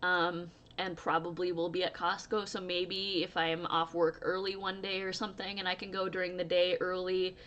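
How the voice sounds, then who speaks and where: A woman's voice: on the low side, little pitch movement, normal speed, few pauses, fairly bright tone, highs cut off. Young woman chatting to her camera, tells stories, laughs a lot. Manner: chatty, storytelling, laughs often. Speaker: crochet vlogger. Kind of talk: casual chat to camera.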